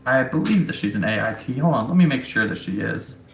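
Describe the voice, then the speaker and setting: A man's voice: medium pitch, expressive, fast, fairly bright tone, reverberant, faint music behind, poor audio. A man running a tabletop game as game master, explaining rolls in an easygoing way with fillers.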